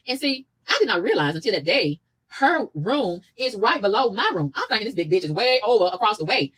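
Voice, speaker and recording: A woman vlogger telling a story in a casual rant, animated, profane and indignant, with a husky voice. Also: mid-range voice, poor audio.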